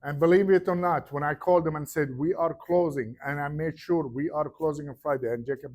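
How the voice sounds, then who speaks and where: A man's voice: fairly high pitch, normal speed, hardly any pauses. A man giving a real estate seminar, telling stories animatedly and acting out the people in them. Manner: animated storyteller, acts out quoted voices. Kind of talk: seminar talk to an audience.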